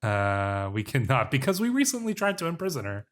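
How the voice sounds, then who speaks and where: A man talks through his strategy game as a role-play, speaking as the ruler he plays. He muses aloud, stops to correct himself, and reads event text in a slightly theatrical voice. His pitch sits in the middle range. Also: wildly swooping pitch, fairly quick. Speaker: game let's player.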